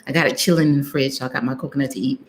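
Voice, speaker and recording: A woman's voice: a bass voice, fairly even intonation, very fast. A woman vlogger telling a travel story on a live stream, chatty, laughing often and acting out what she said, and talking straight to her viewers.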